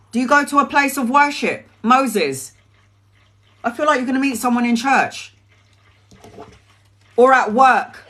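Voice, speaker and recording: A woman's voice: high-pitched, a bit bright, a little hiss or hum. A woman giving live tarot readings to viewers, chatty and emotional, calling people by name and laughing easily. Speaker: tarot reader.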